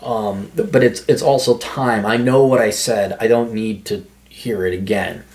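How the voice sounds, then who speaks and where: A man's voice: fairly low pitch, fairly even intonation, normal speed, a little mellow. Sarcastic rambling man reading comments. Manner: sarcastic, rambling, self-mocking. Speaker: podcast host reading listener comments. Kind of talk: casual solo commentary.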